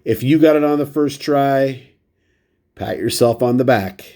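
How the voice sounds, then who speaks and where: This baseball card vlogger talks a little slowly in a mellow, mid-range voice, his nose runny and blocked. His casual chat rambles along with plenty of self-deprecation as he presents his cards one after another.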